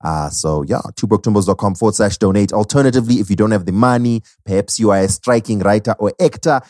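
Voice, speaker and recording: A man's voice: fairly low pitch, quick pace, no echo, studio quality. A man co-hosting a podcast, wrapping up the episode with playful plugs and jokes. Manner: playful, lively, joking. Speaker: podcast co-host.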